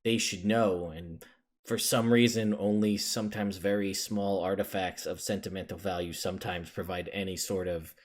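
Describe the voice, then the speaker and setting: A man's voice: sits low, steady tone, normal speed, voice pushed down. Man voices weary monster hunter NPC; rambling, hesitant delivery, trails off.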